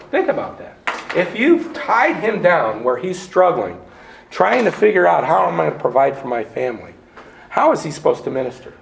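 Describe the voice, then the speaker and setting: Earnest preacher man with gravelly voice. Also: a little high, a little hiss or hum. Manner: earnest, emphatic, repeats words while building a point. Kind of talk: sermon. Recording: echoey room.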